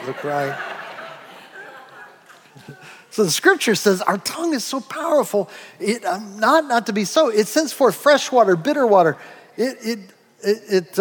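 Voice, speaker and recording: A man preaching a sermon, animated, acting out quoted voices and asides. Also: high-pitched. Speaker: pastor. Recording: long hall reverb.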